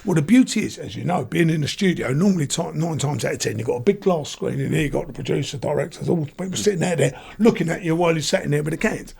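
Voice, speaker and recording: A man's voice: fairly high pitch, fast, gravelly, few pauses, a little mellow, slightly rough. An older man, a guest telling stories in casual chat and laughing often. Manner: chatty storyteller, laughs often.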